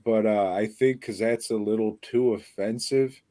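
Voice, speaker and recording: A man's voice: on the low side, fairly even intonation, moderate pace, warm tone, no echo. A man co-hosting a podcast, rambling and crude in casual chat about a movie. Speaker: podcast co-host.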